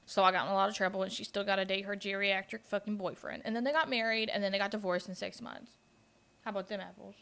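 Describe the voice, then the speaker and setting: A woman's voice: medium pitch, fairly even intonation, fast, gravelly, a bit bright. A woman in her twenties hosting a podcast, telling personal stories in a blunt, profane and laughing way. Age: 20s. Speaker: podcast host. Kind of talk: casual storytelling chat.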